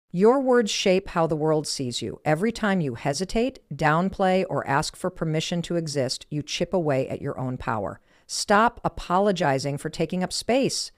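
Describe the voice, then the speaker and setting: A woman's voice: deep voice, no room sound, studio quality. A woman delivering a motivational speech in emphatic, punchy short declarations. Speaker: motivational speaker.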